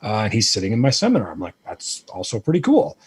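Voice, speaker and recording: A man guest telling a self-deprecating story in casual chat, animated and rambling with lots of fillers. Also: on the low side, fast talker, slightly rough. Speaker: guest, lighting presenter.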